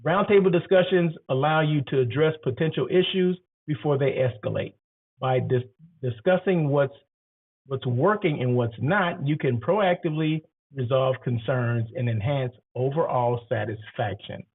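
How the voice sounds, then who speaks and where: A man's voice: mid-range voice, moderate pace. Man with a catching throat on a tinny line. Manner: conversational, rambling, asks the listener questions. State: throat catching, clearing his throat. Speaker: hotel industry host. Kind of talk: casual advice monologue. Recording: tinny phone-like audio.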